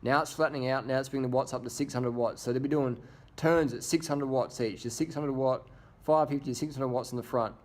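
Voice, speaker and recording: A man runs a casual commentary over bike race footage. He jokes crudely and swears freely, and his voice sits at an ordinary middle pitch. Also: steady tone, fairly quick. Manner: crude, joking, profane banter. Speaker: video host.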